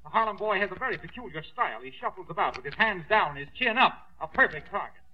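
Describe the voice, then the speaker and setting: Brief: ring announcer, high clear calls, muffled vintage radio. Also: male voice. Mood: commentary. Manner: loud, drawn-out announcing, then steady play-by-play. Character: ring announcer calling a boxing match. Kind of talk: 1940s radio comedy acting. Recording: dull old radio recording.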